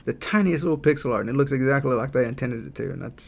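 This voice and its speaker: Talking fast in a gravelly, mid-range voice, a game developer chats casually during a live drawing stream. He thinks out loud, stays relaxed, and reads chat messages aloud to answer them.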